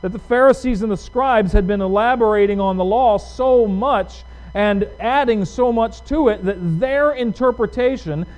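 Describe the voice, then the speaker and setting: A man preaching a sermon in a fairly high voice. He stays conversational, putting questions to his listeners as he teaches. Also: low-quality recording. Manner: conversational, asks the audience questions. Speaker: pastor.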